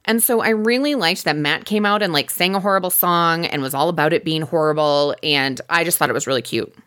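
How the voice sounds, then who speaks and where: A woman co-hosting a podcast, chatting casually and giggling as she recaps a dating show. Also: fairly quick. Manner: chatty, giggly, animated swoops in pitch. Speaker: podcast co-host.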